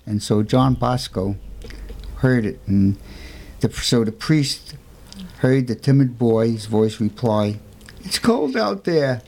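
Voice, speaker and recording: A man's voice: lowish voice, steady tone, slow pace, darkish tone. A man telling a saint's story on a talk show, emphatic, with rhetorical questions.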